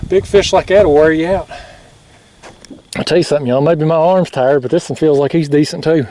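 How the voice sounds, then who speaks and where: A man vlogging from a kayak, talking in a casual, excited, folksy way and laughing often. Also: a little high, brisk, far from the mic, slight background noise. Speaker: fishing vlogger. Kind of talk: casual outdoor vlog narration. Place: kayak on a river at night.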